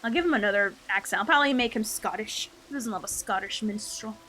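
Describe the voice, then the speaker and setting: A woman's voice: mid-range voice, quick pace, pushed and bright, slight background noise. A young woman streamer giving irreverent, joking commentary while playing a game. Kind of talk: casual live-stream commentary.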